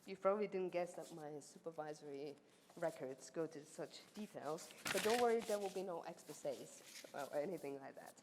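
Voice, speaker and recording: In an echoey university ceremony hall with faint background noise, a woman supervisor gives a laudatio in a low-sitting voice at a moderate pace. Her formal speech turns chatty and teasing and is full of fillers.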